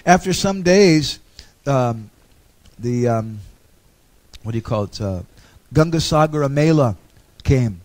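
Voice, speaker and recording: A man's voice: mid-range voice, animated, takes it slowly, a little mellow. A man giving a storytelling lecture on a pilgrimage, with humorous asides.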